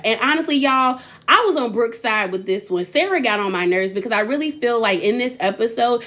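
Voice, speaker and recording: A young woman recapping a reality show in casual chat, sassy and animated, acting out what people said. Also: a little high. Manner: sassy, animated, acts out quotes.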